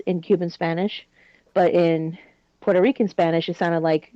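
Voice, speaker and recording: A woman's voice: on the low side, level tone, moderate pace, dry recording. A woman in a casual group chat telling a story, laughing often. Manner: giggly storyteller. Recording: dull lo-fi sound.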